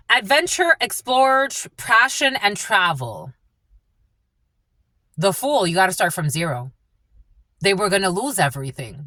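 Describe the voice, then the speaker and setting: Woman channeler, casual reading monologue; bright, forceful voice, swears freely, dry close sound. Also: mid-range voice, no room sound. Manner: rambling, profane, blunt. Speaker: spiritual channeler and tarot reader.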